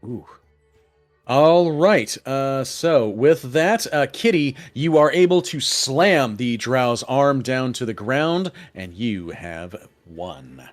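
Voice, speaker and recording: A man narrating a tabletop game as game master, in a relaxed manner with frequent fillers and restarts. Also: mid-range voice, soft background music. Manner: relaxed, halting with many fillers.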